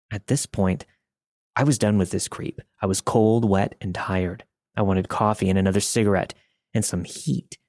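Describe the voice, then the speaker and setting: A man narrating a first-person horror story in a steady, wry manner, recorded on a studio microphone. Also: on the low side, normal speed, no room sound.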